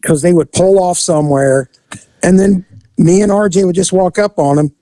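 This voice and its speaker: A man co-hosting a podcast, a former vice officer telling crude, blunt stories in a casual, animated way. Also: high-pitched, moderate pace, no room sound. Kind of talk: casual storytelling.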